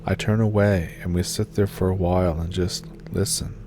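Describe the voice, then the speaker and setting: A man narrating a first-person horror encounter story in a steady, measured read. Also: low-pitched, noisy background.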